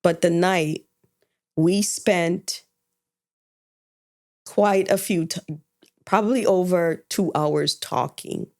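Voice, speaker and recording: A woman's voice: lowish voice, slow, pauses often, a little mellow. A woman co-hosting a podcast, candidly retelling a personal story and acting out the dialogue. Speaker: podcast co-host.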